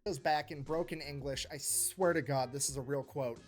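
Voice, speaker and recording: A man's voice: a little high, fairly even intonation, normal speed. A man narrating a military history story in a punchy, sarcastic comedic style, acting out quoted lines. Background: background music.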